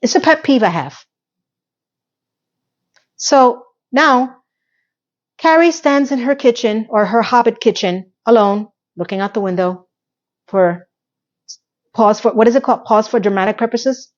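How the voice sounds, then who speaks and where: Woman ranting about a tv episode, kinda hoarse, high-ish voice, dull lo-fi sound. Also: unhurried, pauses often. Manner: exasperated, sarcastic, talks to viewers. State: losing her voice. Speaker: TV recap vlogger. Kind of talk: animated ranting recap.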